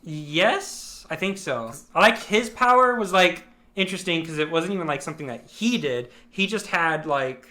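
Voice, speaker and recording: A young man with a bright, tense edge to his voice chats on a podcast. He stops and restarts often while hunting for the right word, with a slightly high pitch. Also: lively intonation. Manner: halting, searching for words. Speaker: podcast co-host. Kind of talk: casual chat.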